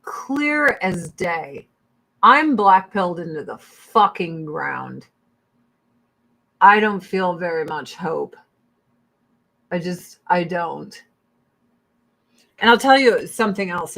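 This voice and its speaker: Woman streamer going off, lots of cussing, slow drawn-out delivery. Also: mid-range voice, a bit bright, poor audio. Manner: profane, fiery, laughs often. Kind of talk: ranting livestream chat.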